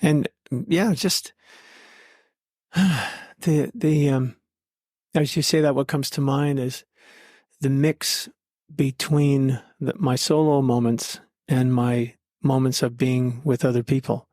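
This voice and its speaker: A man's voice: medium pitch, fairly even intonation, slow, darkish tone, no room sound, studio quality. A man being interviewed as a podcast guest, telling his story in an earnest, heartfelt conversational way.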